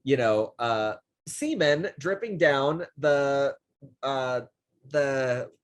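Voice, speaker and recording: A man hosting a casual film chat, animated, acting out characters' lines and laughing often. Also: mid-range voice, very slow, smooth. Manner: frequent fillers and restarts, laughs often. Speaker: podcast host.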